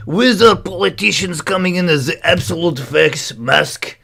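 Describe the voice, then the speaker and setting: A man's voice: a little high, unhurried, vocal fry, hardly any pauses, sharp tone, husky. A man hosting a livestream in a put-on Scottish accent, ranting theatrically in an old-fashioned preaching way and reading out chat comments. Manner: reads chat comments aloud. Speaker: livestream host.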